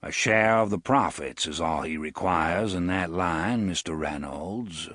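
A man voicing a gaunt, haughty older landowner with a cool, measured manner in an audiobook. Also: deep voice, fairly bright tone, no room sound, clean studio sound. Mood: disdainful. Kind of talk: audiobook character voice.

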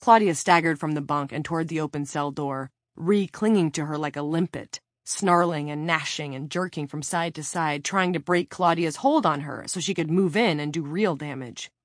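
A woman narrating a novel as an audiobook reader, in a steady, measured reading. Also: low-pitched, no room sound, clean studio sound. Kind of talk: scripted narration.

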